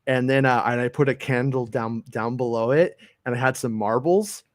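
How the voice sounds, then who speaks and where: A middle-aged man telling loose, rambling stories in casual chat, stumbling over restarts and swearing freely. His voice sits at an ordinary middle pitch. The sound is dry and close. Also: normal speed, no echo.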